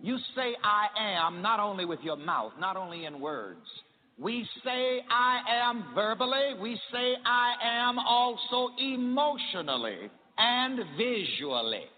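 A high-voiced man preaches with big swooping rises and falls, leading the congregation to echo him line by line. The sound is thin and phone-like, carried on a long hall reverb with a faint hiss underneath. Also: expressive, takes it slowly. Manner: emphatic, repeats phrases for the congregation to echo. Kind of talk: sermon with call-and-response. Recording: tinny archival sermon recording in a reverberant hall.

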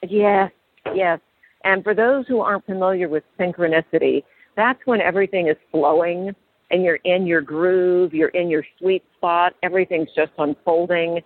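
A woman's voice: fairly low pitch, moderate pace, no room sound. A woman hosting a radio interview, who affirms her guest and sums up ideas for listeners. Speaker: radio host. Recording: dry, phone-like narrow sound.

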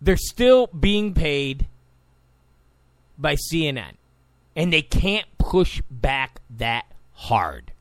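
A man's voice: a little high, big pitch swings, extremely slow, pauses often, no echo. A man giving opinionated political talk commentary, combative and sarcastic toward his opponents. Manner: combative, mocks opponents in quoted voices.

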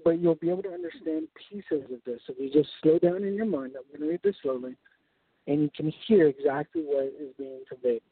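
Lively high-voiced preacher, tinny sound. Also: male voice, fairly quick, breathy edge, dry recording. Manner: explains step by step, often checking in with "right?". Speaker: preacher leading a Bible study. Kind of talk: sermon-style Bible teaching. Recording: tinny phone-like sound, dry.

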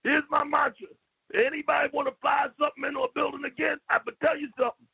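A man talking on a radio show, loud and profane, stammering and repeating himself, sometimes shouting. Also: very high-pitched, flat delivery, fast talker, creaky. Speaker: call-in guest. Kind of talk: loud rambling radio talk. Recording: lo-fi phone line.

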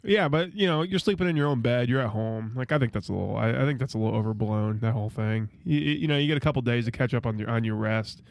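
A man's voice: mid-range voice, fast talker, creaky, hardly any pauses, dry recording. A man co-hosting a casual sports podcast, grumbling and sarcastic in his banter. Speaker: podcast co-host.

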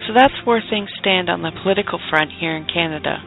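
A man puts on a high, creaky, raised voice and talks fast as a brash, flirty Canadian woman bureau chief in a cheeky mock news report, laying the "eh" and "hosers" on thick. Faint music plays under the tinny, phone-like sound.

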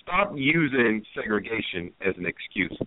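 A man co-hosts an internet talk radio show, heard over a dry, phone-like line. He jumps into the talk with firm, emphatic points in a middle-pitched voice. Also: very animated, moderate pace, dry recording. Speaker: co-host.

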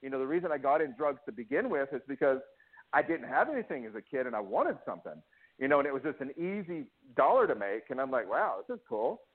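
An interview guest with a mid-range, slightly rough voice shares his own story candidly, speaking fast with a sing-song lilt. Emotional and restless, he restarts often and acts out quotes, and the sound has a phone-like quality.

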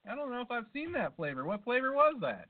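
A man's voice: very high voice, big pitch swings, quick pace. A man co-hosting a podcast, telling a long rambling story in casual chat, full of swearing and asides. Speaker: podcast co-host. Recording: tinny phone-like sound.

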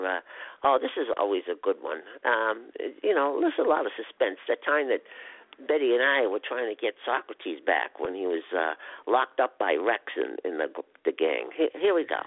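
A man hosting a children's story show, rambling and hesitant, his pitch leaping all over the place. The sound is dry and close, squeezed into a narrow, phone-like band. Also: huge pitch swings, moderate pace, no echo. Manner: rambling, hesitant, lots of fillers and restarts. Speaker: storyteller host.

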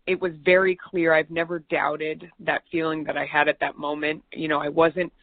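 A woman's voice: low voice, level tone, moderate pace, no echo. A woman, a TV news host, telling chatty, self-deprecating stories as an interview guest. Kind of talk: conversational storytelling. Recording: tinny phone-like line, dry.

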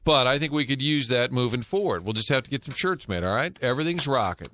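Hosting a sports talk radio show from a studio, a middle-aged man tells lively stories and fires off quick jokes at an easygoing, conversational pace. His pitch is ordinary, and the studio mic captures him close and dry, with no echo or room sound at all.

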